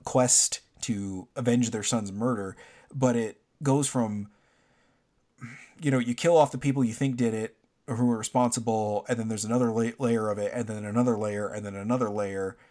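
A man's voice: on the low side, steady tone, moderate pace, mellow. A man chatting casually about a video game he played, rambling with lots of fillers and restarts. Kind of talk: casual game review chat.

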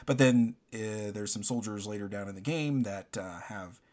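A man's voice: on the low side, normal speed, darkish tone. Rambling man talking through a game. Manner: rambling, many fillers and restarts. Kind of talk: casual game review chat.

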